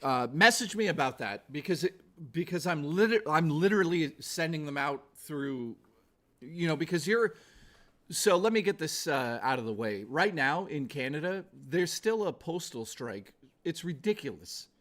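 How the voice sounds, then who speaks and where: Male streamer at home, lively swinging voice, raunchy rambling banter. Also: fairly high pitch, moderate pace. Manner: crude, profane joking, rambling. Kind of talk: casual livestream chat.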